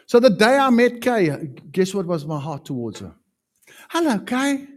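A man preaching a sermon as pastor, emphatic, with sudden loud peaks. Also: high-pitched, very animated, normal speed.

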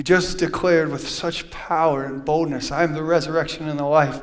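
A male pastor preaching a sermon in church, reading scripture aloud and swinging from loud preaching to hushed, quiet passages. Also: fairly high pitch, steady tone, normal speed, hardly any pauses.

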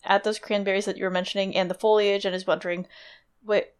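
Mid-pitched woman, chatty podcast co-host, filler-heavy recap. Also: flat delivery, very fast, smooth. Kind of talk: casual chat, retelling a chapter.

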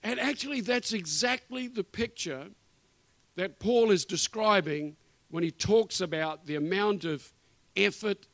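A man's voice: high voice, a little slow, a bit bright, no room sound. A man preaching as a guest speaker in a church, emphatic and repetitive, with casual asides. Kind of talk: sermon.

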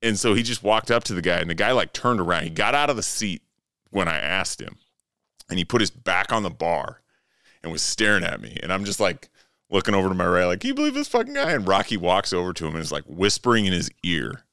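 A man's voice: sits low, brisk, pushed and bright, clean tone, no echo, clean studio sound. A man co-hosting a casual podcast, telling a rambling, profane bar story with plenty of laughs. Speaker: podcast co-host.

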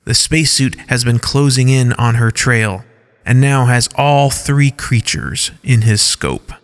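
Slow, measured male story narrator. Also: mid-range voice, big-room sound. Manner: measured, reads stage directions aloud. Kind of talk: scripted story narration with scene headings.

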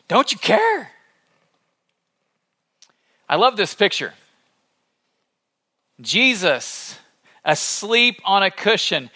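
A male pastor preaching a sermon in an animated, conversational storytelling manner. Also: high-pitched.

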